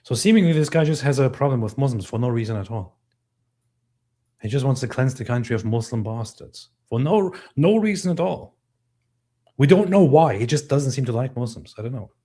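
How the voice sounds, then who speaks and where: A man's voice: mid-range voice, a little fast, warm tone. A man hosting a live commentary stream, talking with sarcasm and disbelief. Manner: sarcastic, incredulous. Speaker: host.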